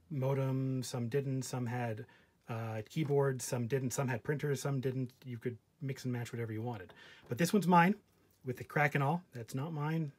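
A man casually presenting a vintage terminal on camera, full of joking asides and fillers, sometimes moving away from the mic. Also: medium pitch. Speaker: vintage computer hobbyist host. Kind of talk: casual show-and-tell vlog.

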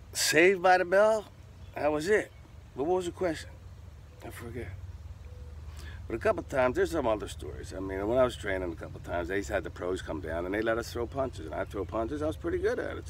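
An older man telling a profane, animated story in an interview, punctuating it with sound effects. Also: mid-range voice, normal speed, slight background noise.

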